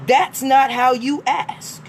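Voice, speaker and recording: High-voiced woman ranting bluntly. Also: takes it slowly, a little hiss or hum. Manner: blunt, profane, emphatic, swings to shouting. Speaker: live streamer. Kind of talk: profane ranting monologue.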